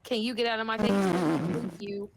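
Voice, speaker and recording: A woman trades sassy, dramatic jabs with the other players in an online game roleplay. Her voice sits at an ordinary middle pitch. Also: moderate pace, gravelly, heavy background noise.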